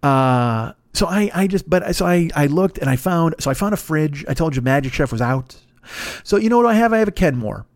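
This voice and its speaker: Fast-talking, profane man with a radio voice. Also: expressive, no echo, studio quality. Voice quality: deep radio-style voice. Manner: profane, rambling storyteller who acts out other people's voices. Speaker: podcast host. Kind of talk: casual solo monologue.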